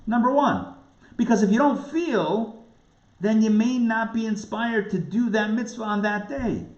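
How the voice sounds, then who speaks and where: A man, a rabbi, giving a lively lecture, asking rhetorical questions and acting out quoted voices. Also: sits high, a little slow. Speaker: rabbi teaching a class. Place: recorded live class. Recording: roomy, dull lo-fi sound.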